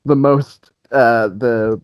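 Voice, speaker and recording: Guest musician, male, mid-pitched, rambling delivery with restarts and laughter, dry close mic. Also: fairly even intonation, very slow, no echo. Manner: rambling, many restarts and fillers, laughs often. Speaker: band guitarist, interview guest. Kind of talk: casual interview chat.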